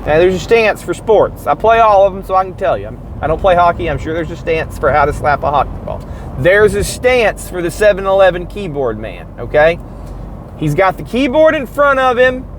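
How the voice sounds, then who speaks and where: Male podcast host, high and bouncy pitch, sardonic casual monologue, acts out sounds. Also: moderate pace, a little hiss or hum, poor audio. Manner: animated, mocking, acts out sounds and chants.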